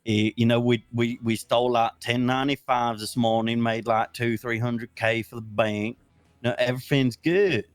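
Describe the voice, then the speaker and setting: A man's voice: mid-range voice, steady tone, normal speed, clean tone, dry recording, soft background music. Man, role-play deputy, rambling, mocking, fillers, dry sound. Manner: rambling, full of "you know" and "like", mocking. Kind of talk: in-character role-play chat.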